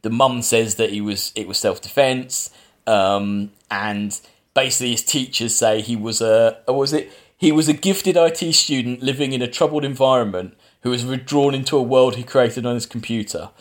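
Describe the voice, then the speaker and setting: A man's voice: mid-range voice, moderate pace. A man, a podcast host casually recapping a film plot, rambling with fillers and restarts. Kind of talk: casual film review chat.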